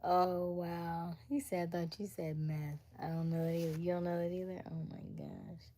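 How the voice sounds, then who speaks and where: A woman's voice: lowish voice, steady tone, moderate pace, warm tone. A woman with an East African accent hosting a live stream, chatting with viewers, reading their comments aloud and working through sums to herself. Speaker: livestream host. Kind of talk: casual live-stream chat.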